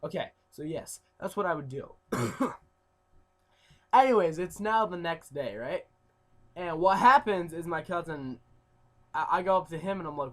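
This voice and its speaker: Young man, sharp bright voice, rambling vlog story, loud bursts then mumbling. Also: fairly high pitch, expressive, moderate pace. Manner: rambling, many fillers, swings from loud outbursts to mumbled asides. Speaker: YouTuber.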